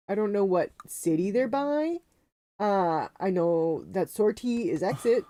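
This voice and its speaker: A woman's voice: mid-range voice, animated, a little slow, dark tone, no echo. A Canadian woman co-hosting a casual game stream, chatty and self-mocking, swearing and laughing often. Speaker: livestream co-host. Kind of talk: casual gaming stream chat.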